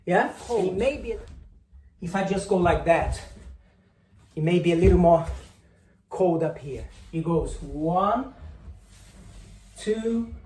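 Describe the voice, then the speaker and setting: Male capoeira instructor, unhurried, calls out each move, roomy recording. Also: sits high, dark tone. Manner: counts and calls out moves while demonstrating; drifts on and off mic while moving. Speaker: capoeira teacher. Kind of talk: instructional demonstration. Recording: echoey room, faint noise.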